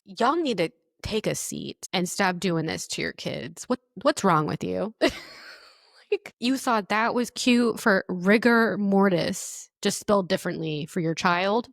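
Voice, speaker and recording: A woman's voice: mid-range voice, expressive, unhurried, creaky, no room sound, studio quality. A young woman hosting a podcast, reacting bluntly to online posts, swearing freely and laughing often. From United States. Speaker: podcast host. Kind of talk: casual podcast chat reading online posts.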